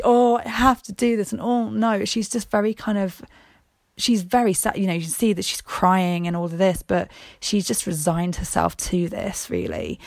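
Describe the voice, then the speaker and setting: Woman, film reviewer, lowish pitch, dry close sound, halting casual delivery. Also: darkish tone, no room sound. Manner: hesitant, lots of ums and restarts.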